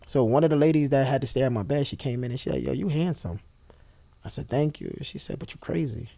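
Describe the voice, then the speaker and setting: A young man speaking as an interview guest, telling a personal story candidly and bluntly, with profanity, and acting out the dialogue with quick shifts of voice. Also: medium pitch, vocal fry, dark tone, dry recording.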